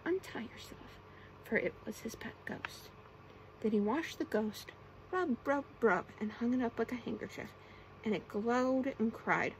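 A woman reading a bedtime storybook aloud in a soft-spoken ASMR style, gentle and slow, with brief asides to the listener, close to the microphone. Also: fairly high pitch, gravelly, slight background noise, rough recording.

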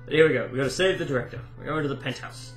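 A man giving casual let's-play commentary, excitable and easily amused. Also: medium pitch, rapid-fire. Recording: roomy echo with game music behind.

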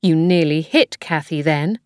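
A woman's voice: low-pitched, unhurried, clear, resonant tone, no room sound, studio quality. A woman reading the lines of a tense, guarded young woman in a storybook, in a clipped, serious way. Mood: angry.

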